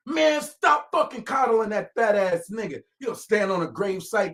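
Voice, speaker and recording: A man giving angry, profane commentary, often shouting, with calmer reflective stretches. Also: very high-pitched, brisk, few pauses. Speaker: online commentator.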